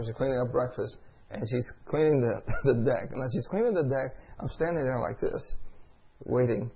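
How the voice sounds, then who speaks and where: A middle-aged male preacher giving a sermon, telling a story and asking the congregation call-and-response questions. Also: medium pitch. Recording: dull lo-fi recording.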